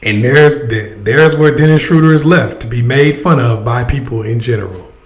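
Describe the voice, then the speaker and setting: A man's voice: mid-range voice, normal speed. A man hosting a casual livestream, giving advice and talking straight to his chat. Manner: conversational, addresses chat directly. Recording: echoey room sound.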